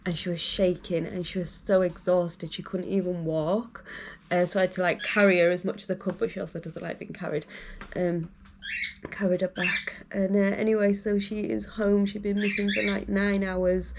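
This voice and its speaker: A woman's voice: on the low side, flat delivery, moderate pace, noisy background. A young woman telling a long story to camera in a rambling, casual way, full of fillers. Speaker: vlogger.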